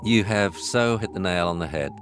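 An English man, a vet and dog trainer, answering interview questions in an animated, jokey way. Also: sits low, normal speed, soft background music. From England.

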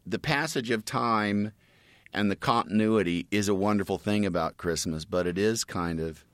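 A man's voice: fairly low pitch, moderate pace, fairly bright tone, no echo, clean studio sound. A middle-aged man in casual chat, telling family stories in a rambling way with many restarts.

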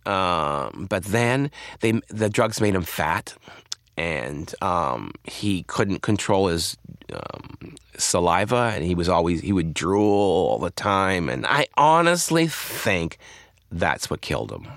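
Male guest, low-ish animated voice, halting candid storytelling, dry close mic. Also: creaky, no room sound. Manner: halting, frequent restarts and fillers. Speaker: interview guest, comedian.

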